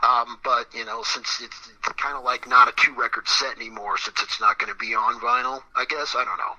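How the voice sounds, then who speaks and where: A man interviewed as a musician guest, talking casually in a rambling, halting way, repeating words and getting emphatic. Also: mid-range voice, steady tone, sharp tone, low-quality recording. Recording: radio broadcast.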